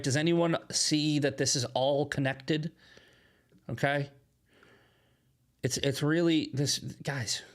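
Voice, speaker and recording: A man hosting solo political commentary, emphatic and often asking "right?" as he restarts his phrases. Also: fairly high pitch.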